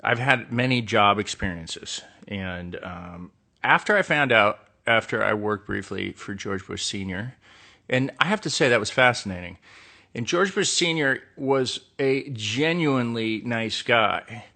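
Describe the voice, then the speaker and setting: A man's voice: lowish voice, animated, unhurried, pushed and bright. A middle-aged man telling candid stories about his past jobs in a rambling, casual monologue with many fillers. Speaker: actor doing a live stream.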